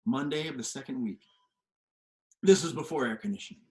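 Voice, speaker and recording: A man telling a story to the camera from his home kitchen, animated and swinging from hushed to loud. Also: medium pitch, brisk. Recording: echoey kitchen room.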